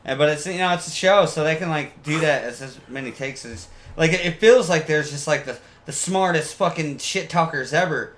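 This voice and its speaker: A man's voice: a little high, fairly bright tone, a little hiss or hum. A man who has been drinking chatting casually, rambling and swearing, stopping and restarting often. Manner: rambling, profane, halting with fillers. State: tipsy from beer. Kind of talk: casual chat.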